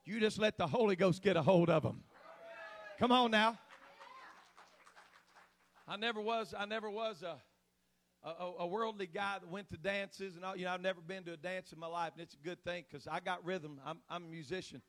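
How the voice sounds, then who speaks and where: Man, preacher, very high voice, church sermon, chatty then shouted. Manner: swings from low conversational talk to shouted, drawn-out exhortation.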